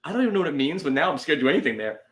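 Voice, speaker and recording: A man's voice: on the high side, big pitch swings, racing, crowd noise. Married guy on a comedy podcast, dry and wry, voice rising and falling a lot. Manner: wry, storytelling, dry jokes. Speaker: podcast co-host. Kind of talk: casual comedic chat.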